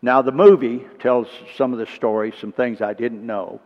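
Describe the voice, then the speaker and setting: A man preaching a sermon, telling stories with asides and clearing his throat often, sounding emotional. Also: mid-range voice, fairly even intonation, moderate pace. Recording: muffled recording with long reverb.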